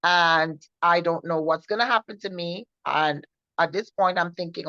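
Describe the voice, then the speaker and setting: A woman recounts her own story in a low voice, earnest and halting, often repeating words and restarting as she goes. The recording is dry and close, with a dull, lo-fi tone that dulls the top end. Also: sharp tone, no room sound. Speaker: guest sharing a personal testimony. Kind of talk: personal testimony storytelling.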